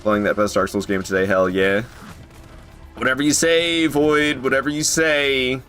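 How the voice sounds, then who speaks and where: A man streaming a video game, chatting casually with his viewers and joking, who jumps into high yelps when something surprises him. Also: normal speed, fairly bright tone, soft background music. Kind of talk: casual live gameplay commentary.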